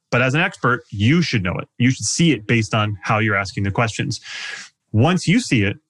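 A man's voice: mid-range voice, a bit bright, no room sound, clean studio sound. A man coaching on sales in a podcast interview, talking animatedly and acting out customer dialogue.

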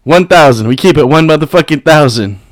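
A man hosting his own podcast, ranting at his critics with constant swearing and mocking laughter, high on weed. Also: expressive, fairly quick, dry recording. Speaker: podcast host. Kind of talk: profane solo podcast rant.

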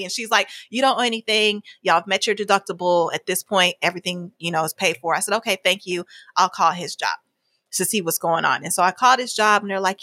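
A woman's voice: medium pitch, quick pace, dry recording. A woman, a guest telling a personal story in casual conversation, acting out what people said. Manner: animated, acts out quoted dialogue with frequent laughs.

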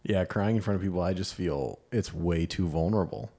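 A man with a somewhat low voice co-hosting a podcast. He tells stories frankly and plainly, replaying whole conversations and swearing casually along the way. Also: brisk, warm tone. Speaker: podcast co-host. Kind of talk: casual storytelling chat.

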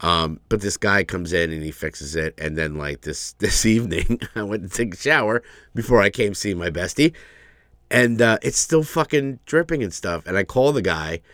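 A man's voice: low-pitched, normal speed, no room sound, clean studio sound. A man co-hosting a podcast, ranting and swearing in casual chat. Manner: ranting, swears freely, animated. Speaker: podcast co-host.

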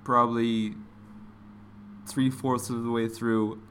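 An easygoing young man in casual chat, with a medium-pitched voice. He mostly answers in short reactions and now and then tells a quick story of his own. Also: flat delivery, fairly bright tone, smooth.

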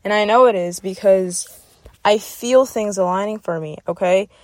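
There's no echo as a young woman hosts a motivational podcast in a mid-range voice at normal speed. She speaks encouragingly, often asking "okay?", and is becoming emotional.

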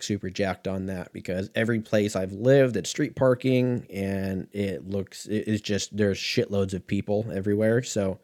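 A man from California with a slightly low voice tells a long story in a loose, profane, rambling way. He drifts onto tangents and then pulls himself back on track. It sounds like an unscripted chat with his regular listeners. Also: warm tone. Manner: profane, rambling, easily sidetracked. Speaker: host. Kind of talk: casual storytelling monologue.

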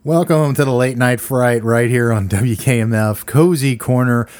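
A man's voice: medium pitch, moderate pace, a little mellow, slight background noise. A middle-aged man co-hosting a movie podcast, rambling and joking as he tells stories. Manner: rambling, joking, laid-back storyteller. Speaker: podcast co-host. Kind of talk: casual movie podcast chat.

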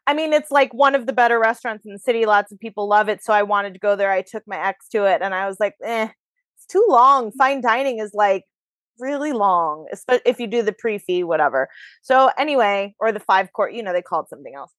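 A woman's voice: medium pitch, lively intonation, a little fast, no echo. A woman hosting a podcast, chatting frankly and casually about her dating life. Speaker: podcast host. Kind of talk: casual chat. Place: New York.

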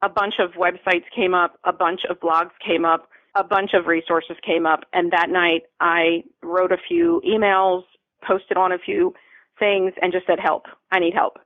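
A woman's voice: fairly low pitch, level tone, a little slow, no echo. A woman from Florida tells her story as a guest, earnest and open, often repeating words for weight. Her voice comes over a thin, phone-like line. The sound is dry, with no room around it. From Florida, USA. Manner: earnest, repeats phrases for emphasis. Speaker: podcast guest. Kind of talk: emotional personal storytelling.

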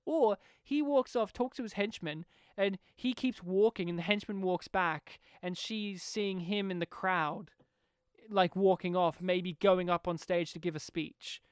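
A woman's voice: lowish voice, unhurried, clear, resonant tone, no room sound, clean studio sound. A woman co-hosting a casual film discussion, laughing often and acting out the scenes she retells. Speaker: podcast co-host.

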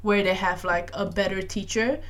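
A woman in her twenties hosting a casual solo podcast, talking in a chatty, animated way with lots of "like" fillers. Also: mid-range voice, moderate pace. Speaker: podcast host.

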